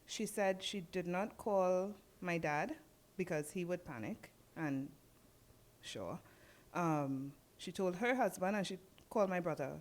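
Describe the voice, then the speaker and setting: A woman with a Trinidadian accent, speaking in a slightly low voice. As a podcast guest, she recounts her own experience in casual conversation. She brings her story to life by acting out what each person said. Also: measured pace. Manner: lively storyteller acting out dialogue.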